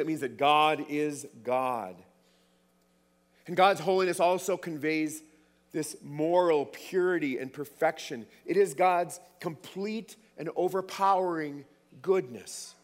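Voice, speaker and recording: Man, preacher, sermon, emphatic repetition, slightly high voice, long hall reverb. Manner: emphatic, repeats words for stress.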